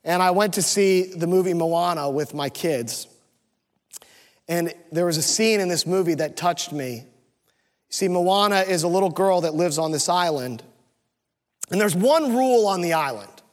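Male pastor, high voice, heartfelt storytelling sermon in a reverberant church hall. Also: measured pace. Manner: emotional, earnest storytelling. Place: church sanctuary.

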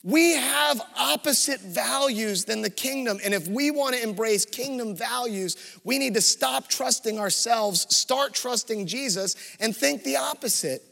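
A man preaching a sermon as pastor, telling stories in a lively way. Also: very high-pitched, a little slow, gravelly, few pauses, in a large hall.

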